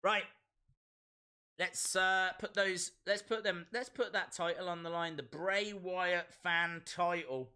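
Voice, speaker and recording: A man's voice: high voice, takes it slowly, bright, forceful tone, clean tone. A man hosting a casual live reaction stream of a wrestling show, playfully repeating phrases and reading out viewers' chat.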